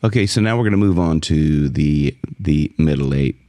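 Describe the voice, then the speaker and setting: A man teaching a singing lesson as a vocal coach, explaining technique in a relaxed way between short sung demonstrations. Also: normal speed, no echo, clean studio sound. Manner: speaks in a low fry, then jumps high to sing song lines in demonstrations.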